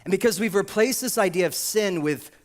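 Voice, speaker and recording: A man preaching a sermon as pastor, telling stories with animated acted-out voices. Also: high voice, brisk. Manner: animated storytelling, acts out quoted voices.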